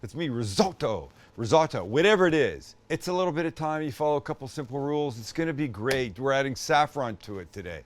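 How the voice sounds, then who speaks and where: A man's voice: medium pitch, lively intonation, fairly quick, few pauses, a little hiss or hum. Older guy hosting a cooking show, jokey and rambling, talks you through the recipe. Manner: joking, self-deprecating, rambling asides. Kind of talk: casual cooking demo chat.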